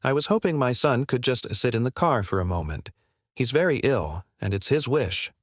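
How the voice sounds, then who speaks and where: A male narrator reading the lines of a calm, gentle mother pleading for her ill son. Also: mid-range voice, moderate pace, dry recording, studio quality. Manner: calm and polite.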